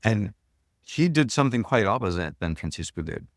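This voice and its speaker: Speaking in a lowish, very animated voice at a moderate pace, a shamanism teacher in his sixties shares personal stories as a guest on an interview. He's earnest and reflective, often starting sentences over, and the studio recording is clean and dry.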